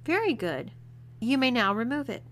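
A woman's voice: on the high side, very animated, moderate pace, voice pushed up. A woman voicing a cool, teasing young woman who gives orders. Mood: commanding. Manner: commanding, mocking.

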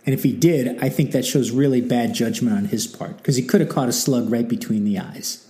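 Fairly quick and mid-range in voice, this man hosts a history talk in a loose, animated style, full of wry asides and quotes he performs in character.

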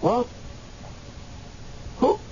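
In a radio drama, an actor plays a man who has just died and lingers in limbo, angry and pleading, at times hesitant and stammering, then impassioned. The mood is earnest and agitated. His voice is mellow and very slow, on a muffled radio recording with faint hiss.

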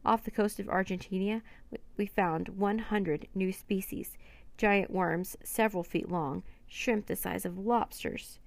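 A woman voicing a courteous, formal Victorian gentleman scientist in a storybook. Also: medium pitch, steady tone, unhurried, creaky, no room sound. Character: earnest Victorian gentleman scientist, polite, kindly.

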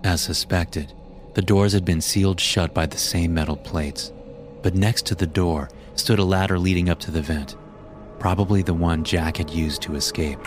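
Deep-voiced man narrating a horror story. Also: steady tone. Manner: measured, grim storytelling. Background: background music.

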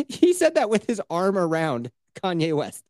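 A man co-hosting a podcast with a lively, swinging voice that rises and falls as he tells stories. He laughs a lot and swears casually in loose banter. The sound is close and dry, with no room around it. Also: sits high, unhurried, dry recording. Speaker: podcast co-host. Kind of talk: casual chat.

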